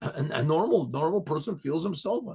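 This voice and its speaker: A man, a rabbi, teaching a Torah class in a conversational sermon style, often clearing his throat and translating Hebrew phrases as he goes. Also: a little high, a little mellow.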